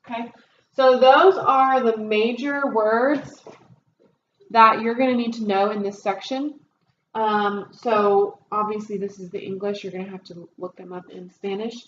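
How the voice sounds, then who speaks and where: A woman's voice: mid-range voice, echoey room, muffled recording, slight background noise. A woman teaching a Spanish review lesson, explaining grammar step by step with frequent ums. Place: classroom.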